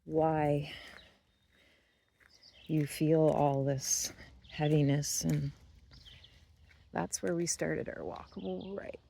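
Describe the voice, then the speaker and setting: A YouTube channel host speaking outdoors on a walk by a field, giving a reflective spiritual monologue in an unhurried, musing way with pauses and restarts. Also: medium pitch, flat delivery, creaky, mellow.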